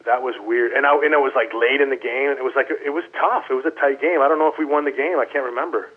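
A man, a former baseball player, telling animated stories in a casual interview and quoting teammates as he goes. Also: medium pitch, fast talker, husky. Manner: animated anecdotes, quoting others in voices. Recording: phone-line audio.

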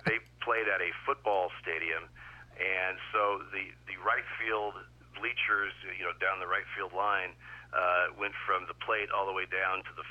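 A man's voice: sits low, fairly even intonation, a little slow, highs cut off. An older man, a retired baseball umpire, telling easygoing stories as a guest in a casual interview. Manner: easygoing, anecdotal storyteller.

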